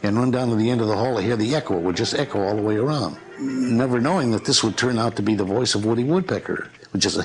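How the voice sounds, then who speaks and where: A man's voice: mid-range voice, rough recording. A man, a voice actor, telling stories about creating his characters, slipping into their voices. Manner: lively, slips into character voices. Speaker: voice actor interviewed in archive clips.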